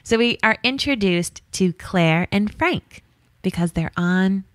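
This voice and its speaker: A woman's voice: medium pitch, expressive, slow pace, no room sound. A young woman co-hosting a podcast, talking in an enthusiastic, flowing casual way. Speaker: podcast co-host. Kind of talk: casual chat.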